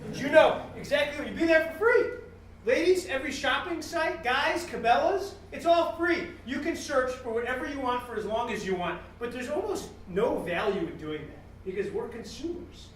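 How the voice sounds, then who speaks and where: A man giving a joking, animated business keynote to a live audience, acting out customer exchanges as he goes. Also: very high-pitched, normal speed, a little hiss or hum. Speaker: guest speaker at a business talk series. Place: event room with a live audience. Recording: echoey room, mic at a distance.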